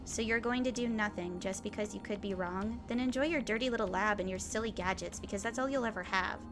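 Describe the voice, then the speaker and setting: A woman voicing a sharp-tongued young woman scientist in a visual novel. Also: mid-range voice, fast talker, music in the background, natural voice. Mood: scornful. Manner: cutting, dismissive.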